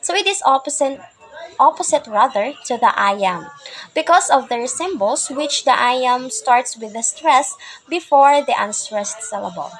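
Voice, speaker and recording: A woman's voice: high-pitched, lively intonation, unhurried, rough recording. A woman giving a class presentation, reading explanations in short phrases and often starting with "so". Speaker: student presenter.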